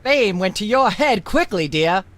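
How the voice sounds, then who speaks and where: A woman's voice: mid-range voice, animated, measured pace, no echo, natural voice. An actress playing a pompous, lecturing older female talk show host in a game. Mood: haughty. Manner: haughty, lecturing, scolding.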